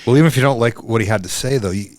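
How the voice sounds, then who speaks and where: A man hosting a podcast, talking in a relaxed, agreeable, conversational way. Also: medium pitch, racing, dry recording. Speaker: podcast host.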